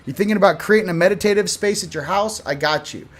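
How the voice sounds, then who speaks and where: Excitable high-voiced man hosting a channel. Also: fast. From Southern California. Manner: animated, laughing, swings between hushed and loud. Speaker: spiritual channel host. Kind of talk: casual direct-to-camera talk.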